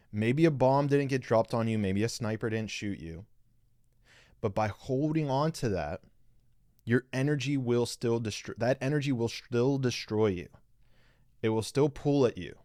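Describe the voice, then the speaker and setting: A podcast host with a medium-pitched, somewhat dark male voice delivers an earnest spiritual teaching monologue, coaching listeners directly and repeating himself a lot. He's on a live stream reading viewer comments, and the audio is clean studio quality with no echo.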